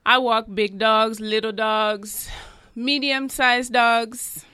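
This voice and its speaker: A woman voicing a Jamaican dog walker who is applying for a circus job, pitching herself earnestly and listing things at length. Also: fairly even intonation, pushed and bright, smooth, no echo. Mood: eager. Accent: put-on Jamaican. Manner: earnest, salesy job-interview pitch with drawn-out lists.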